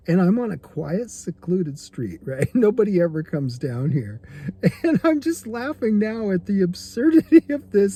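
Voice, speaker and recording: Husky, mellow man telling a story. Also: fairly high pitch. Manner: rambling, chuckling often, restarting sentences. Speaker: meditation teacher. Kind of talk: casual storytelling vlog. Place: parked car.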